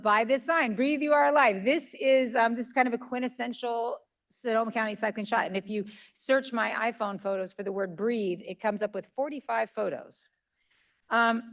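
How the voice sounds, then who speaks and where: A woman giving a lively, conversational conference talk, asking the audience questions as she presents a workshop. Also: medium pitch. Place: conference room.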